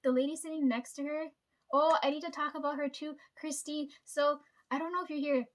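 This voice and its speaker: A woman's voice: sits high, fairly even intonation, fairly quick. A woman telling a story to her viewers in a casual chat, rambling, swearing freely and filling her talk with "like" and "right?". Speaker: vlogger.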